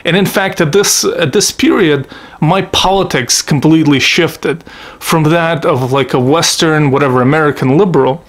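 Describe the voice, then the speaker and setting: In a blunt, profane, rambling vlog monologue, a Russian man tells stories from his own life. His voice is a little high and his pace normal, in the manner of casual storytelling.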